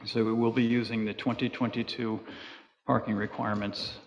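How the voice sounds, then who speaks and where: A man chairing a town planning board meeting, working through procedure with many fillers and pauses. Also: lowish voice, little pitch movement, a little hiss or hum. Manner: procedural, thinks aloud with fillers. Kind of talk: public meeting discussion. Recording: echoey hall, dull lo-fi sound.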